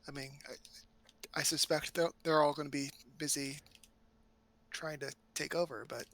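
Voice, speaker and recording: Gravelly, higher-voiced hesitant player man. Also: steady tone, unhurried, a bit bright. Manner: hesitant, stumbling restarts. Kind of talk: casual tabletop game chat.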